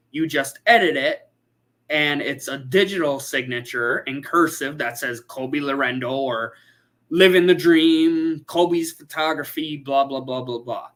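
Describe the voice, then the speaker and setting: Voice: mid-range voice, a bit bright. A photographer hosting a casual livestream, chatting and reading out viewer comments.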